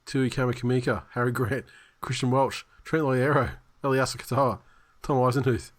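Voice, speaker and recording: A man of middle pitch hosts a rugby league podcast. He is blunt and crude, swears freely and rattles through player lists. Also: fairly even intonation, normal speed. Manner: blunt, profane, reading out team lists. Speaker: podcast co-host. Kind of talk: casual sports chat.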